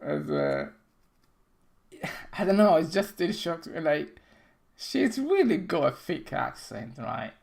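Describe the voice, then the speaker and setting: A middle-aged man hosting a game dev stream, chatting casually with halting, non-native phrasing and frequent restarts. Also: fairly high pitch, wildly swooping pitch, creaky, darkish tone. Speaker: game developer and stream host.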